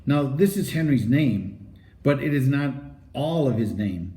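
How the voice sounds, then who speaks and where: Expressive male storybook reader, roomy sound. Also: medium pitch, unhurried. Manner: animated, expressive read-aloud. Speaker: audiobook reader. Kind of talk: storybook narration. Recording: roomy echo.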